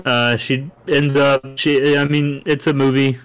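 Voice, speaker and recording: Casting: male podcast co-host, smooth, clear voice, deadpan quips. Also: mid-range voice, a little slow, rough recording. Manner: dry, joking asides. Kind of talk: casual chat.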